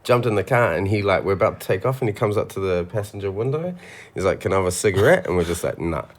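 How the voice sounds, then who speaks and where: Laid-back low-voiced New Zealand man. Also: lively intonation, quick pace. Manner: laid-back storytelling, swears and laughs often. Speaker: podcast co-host. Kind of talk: casual podcast chat.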